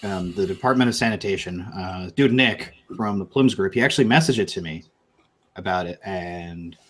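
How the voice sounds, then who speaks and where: A man's voice: deep voice, moderate pace. A man hosting a casual live-stream show, rambling and swearing freely with lots of fillers. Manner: rambling and profane, many fillers. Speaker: podcast host.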